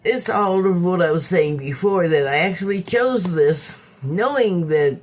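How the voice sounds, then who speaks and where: A woman telling a personal story to camera in a casual monologue, animated and candid, swearing freely and acting out both sides of an argument. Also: lowish voice, a little slow. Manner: acts out both sides of a quarrel in quoted voices. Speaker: vlogger.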